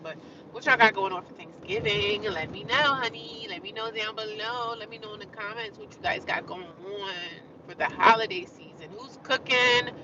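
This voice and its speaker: A woman's voice: mid-range voice, noisy background. A woman chatting casually with viewers on a livestream, rambling and repeating herself. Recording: distant, slightly dull phone audio.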